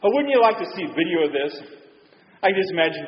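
A man's voice: sits high, big pitch swings, quick pace. A man preaching a sermon as a pastor, talking conversationally and peppering it with rhetorical questions. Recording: echoey hall, dull lo-fi sound.

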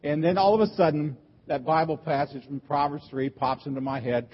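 A pastor delivering a sermon, earnest and emphatic, with repeated rhetorical questions. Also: male voice, on the high side, fairly even intonation, brisk, slightly rough, muffled recording.

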